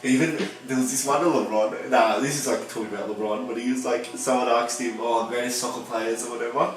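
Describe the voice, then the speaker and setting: A man's voice: mid-range voice, steady tone, fast talker. Laid-back young man, roomy echo. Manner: laid-back, laughing, swears casually. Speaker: podcast co-host. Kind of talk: casual chat. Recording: echoey room, distant mic.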